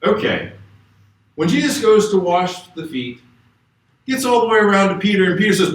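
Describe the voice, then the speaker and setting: A man's voice: high voice, sing-song, normal speed, long pauses. A man guest preacher giving a conversational, emphatic sermon in a church and reading scripture aloud. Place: church sanctuary. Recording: echoey church hall from far off.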